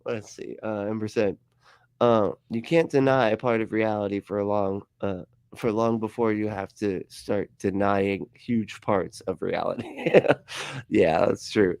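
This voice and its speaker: A man hosting a casual livestream chat. He talks animatedly, laughs often, swears, and jumps his pitch up for mocking quotes. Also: steady tone, a little slow, darkish tone, no echo, clean studio sound. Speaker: livestream host.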